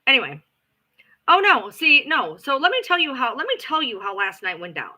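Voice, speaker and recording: A woman hosts a livestream and tells her story bluntly, with sarcasm and plenty of swearing. Her pitch rises and falls a lot, and her voice is very bright and sharp. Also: sing-song, normal speed, poor audio. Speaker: livestream host. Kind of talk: ranting livestream chat.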